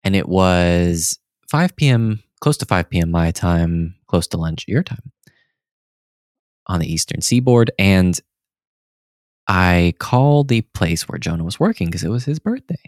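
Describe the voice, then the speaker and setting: A young man with a low, deep voice tells a story on a casual podcast and acts out the people in it. The sound is close and dry, with no room echo. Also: a little slow. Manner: animated storyteller who acts out the people in his stories. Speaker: podcast co-host. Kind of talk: casual chat.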